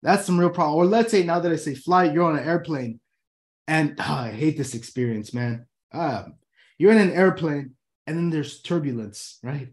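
A man's voice: a little high, darkish tone. A man hosting his own talk show from his room, talking casually and animatedly, swearing freely and acting out people's inner thoughts. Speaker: host.

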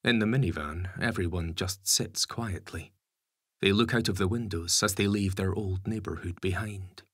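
A man narrating an audiobook story in a measured, even storytelling manner. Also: sits low, slightly rough, no echo, studio quality. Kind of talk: scripted narration.

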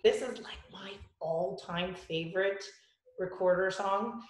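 Slow, patient woman music teacher. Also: medium pitch, roomy sound. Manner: slow, clear, patient instructions to children. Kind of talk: children's music lesson.

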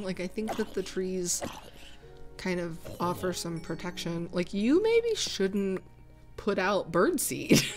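A young woman chatting casually and rambling as she answers viewer comments, laughing often. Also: mid-range voice. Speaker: gaming channel host.

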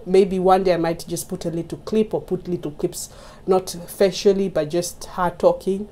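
With a warm, fairly low voice and fairly even intonation, a woman from Kenya talks at normal speed to her YouTube vlog viewers. She's chatty, laughs frequently, and speaks straight to them through a mic placed in front of her.

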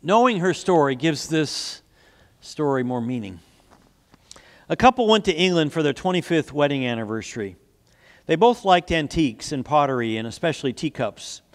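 A man preaching a sermon as pastor, telling stories earnestly and asking the congregation questions. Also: on the high side. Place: church sanctuary. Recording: long hall reverb.

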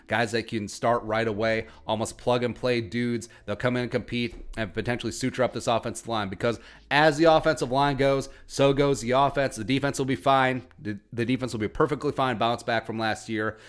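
Animated sarcastic sports podcast host, man. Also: mid-range voice, clear, resonant tone. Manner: animated, sarcastic, joking asides. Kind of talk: casual sports commentary.

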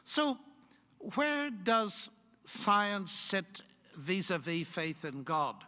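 An older man giving a public lecture as a professor, measured and emphatic, posing rhetorical questions. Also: high-pitched, big pitch swings, pushed and bright. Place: large lecture hall. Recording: long hall reverb.

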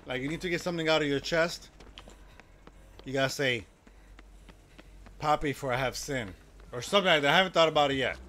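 A man's voice: mid-range voice, pushed and bright, a little hiss or hum. A man streaming a video game, chatting loosely with his viewers and reacting to the game as he plays. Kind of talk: casual live-stream chat while gaming.

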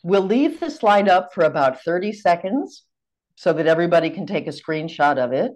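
A low-pitched American woman guides a group through an exercise in a calm, orderly way. She speaks carefully and politely, with a deeper voice for a woman, over a video call microphone. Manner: measured, clear, courteous. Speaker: seminar facilitator. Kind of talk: giving instructions on a video call seminar.

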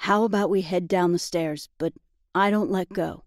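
A woman narrator voicing a cautious, caring young man who asks steady, practical questions in an audiobook. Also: fairly low pitch, normal speed, no room sound, clean studio sound, natural voice. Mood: calm.

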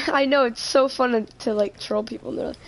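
A woman's voice: fairly high pitch, steady tone, moderate pace, very noisy. A woman streaming a game live, chatting casually and joking, often trailing off mid-sentence.

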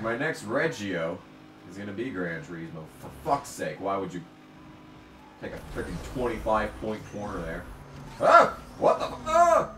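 A male gamer talks through his race in a mid-range voice, grumbling and cursing, and flares up into shouting at rivals. He sits back from the mic in a roomy, echoing space, with faint ambience behind him. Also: low voice, recorded from a distance, slight background noise. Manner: profane, ranting, bursts into shouts at the game. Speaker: gamer commentating his own play. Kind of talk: let's play commentary.

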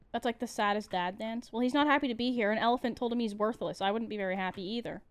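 A young woman streaming a game, chatting casually, laughing often and yelling at the game. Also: fairly high pitch, a little fast, clear, resonant tone. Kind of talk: casual gameplay commentary.

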